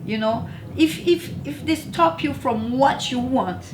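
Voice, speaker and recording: A woman's voice: high voice, a little slow, noisy background. A woman guest giving blunt opinions, repeating words for emphasis. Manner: blunt, repetitive, stumbling emphasis. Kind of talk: casual opinion. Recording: roomy echo.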